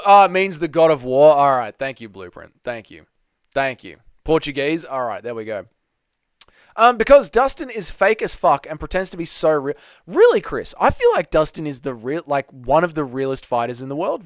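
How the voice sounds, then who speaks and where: A man's voice: a little high, no room sound, studio quality. A young man hosting a casual live Q&A, reading chat messages aloud and bantering with viewers.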